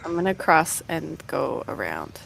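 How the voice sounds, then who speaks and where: A woman's voice: low-pitched, big pitch swings, measured pace, gravelly, a bit bright, no echo, rough recording. A woman playing a tabletop game, making offhand joking asides. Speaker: player.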